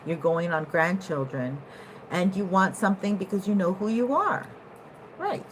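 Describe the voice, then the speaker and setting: A woman giving a casual tarot reading to her viewers, animated, at times laughing and jumping from quiet musing to loud excited bursts. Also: on the low side, normal speed, slight background noise, poor audio. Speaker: tarot reader.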